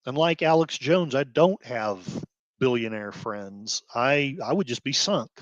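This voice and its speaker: A man hosting his own commentary show, ranting with feeling, sighing and breaking into quick heated outbursts between quieter stretches. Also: medium pitch, lively intonation, dry recording, highs cut off. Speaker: blogger host. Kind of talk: emotional commentary rant.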